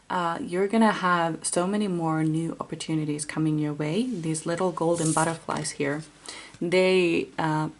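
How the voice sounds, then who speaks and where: A woman giving an intuitive tarot reading to camera, gentle and musing, with many fillers and restarts. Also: low voice, vocal fry. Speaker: tarot card reader.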